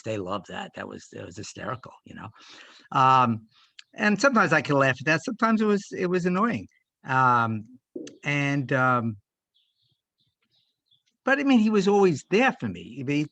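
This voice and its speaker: An older man reflecting in a church group discussion, speaking in a halting, heartfelt way with many pauses. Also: medium pitch, gravelly, fairly bright tone, dry recording. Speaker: discussion participant.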